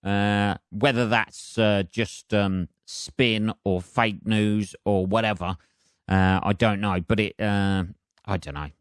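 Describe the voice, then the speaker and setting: A man's voice: fairly low pitch, fairly even intonation, slow, clean tone, no room sound, studio quality. A man hosting a solo podcast, rambling and self-mocking with lots of swearing. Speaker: podcast host.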